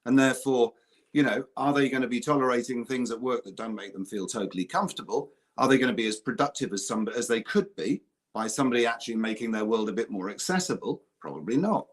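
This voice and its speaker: A man's voice: medium pitch, quick pace. A man speaking on a conference panel as a recruitment executive, earnest and conversational, often restarting his sentences.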